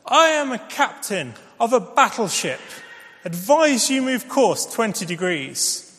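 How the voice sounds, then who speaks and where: A man's voice: high-pitched, very animated, a little slow, pushed and bright, heavily acted. A man playing a proud, irate male battleship captain who gives curt commands, in a sermon anecdote. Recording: long hall reverb.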